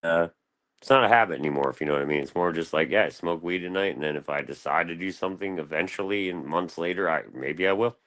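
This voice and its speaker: Fast-talking low-voiced American man. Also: fairly bright tone. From United States. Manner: rambling and profane, peppered with "dude" and "dog". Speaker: panel guest. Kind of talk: casual livestream chat.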